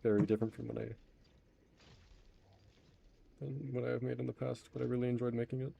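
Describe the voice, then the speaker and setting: A man's voice: mid-range voice, little pitch movement, racing, vocal fry, husky, lo-fi sound. A young man from Texas streaming a game, chatting casually in a rambling, self-deprecating way. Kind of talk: casual gaming stream chat.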